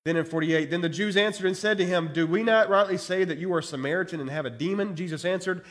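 High-voiced preacher reading scripture aloud. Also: male voice, quick pace, hardly any pauses. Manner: reads verses aloud with rising intensity, adds commentary. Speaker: pastor. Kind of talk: expository sermon reading scripture.

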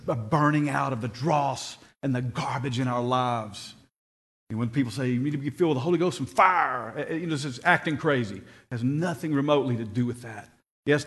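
A man preaching a sermon, telling stories and rising to excited shouts when he quotes people. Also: medium pitch. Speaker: pastor.

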